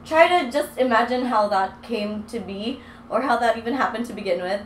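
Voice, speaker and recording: Young woman, bubbly vlog chatter, slightly high voice, echoey room with faint hiss. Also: normal speed. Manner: chatty and bubbly, baby talk to her dogs. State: short of breath from holding a heavy dog. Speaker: vlogger. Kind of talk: casual vlog talk to camera. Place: apartment room, indoors. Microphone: handheld mic, then set down away from her.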